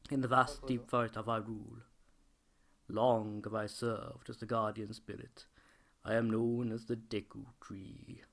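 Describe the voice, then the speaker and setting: Man doing a ancient tree spirit, solemn, old-man voice, archaic wording, gravelly. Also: lowish voice, flat delivery, a little slow.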